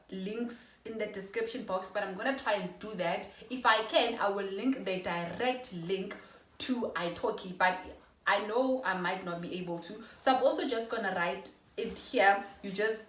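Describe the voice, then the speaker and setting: A young South African woman giving a casual how-to talk to her viewers, chatty and quick to correct herself. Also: medium pitch, fairly bright tone, distant mic. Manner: chatty, apologetic self-corrections. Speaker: vlogger. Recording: echoey room, voice off-mic.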